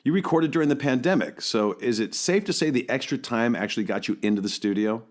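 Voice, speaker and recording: A man hosting a radio interview show, reading station announcements and asking questions in a measured announcer manner. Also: mid-range voice. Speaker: radio host.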